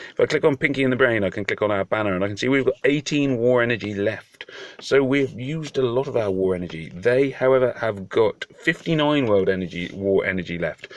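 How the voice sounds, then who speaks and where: A man's voice: mid-range voice, fairly bright tone. A man with a British accent giving casual, joking commentary on a mobile game, self-deprecating and full of hesitations. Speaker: mobile game video host.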